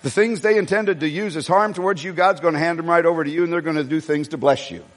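High-voiced preacher in a reverberant hall. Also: male voice, quick pace. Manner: storytelling, animated, swinging between low asides and raised emphasis. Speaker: pastor. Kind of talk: sermon. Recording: long reverb of a large hall.

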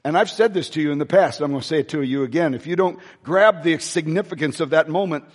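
A man preaching in a large church with a fairly high voice. He builds to emphatic, rising peaks and drops into quick, quiet asides to the congregation. His words ring out with a long hall reverb. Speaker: pastor. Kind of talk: sermon.

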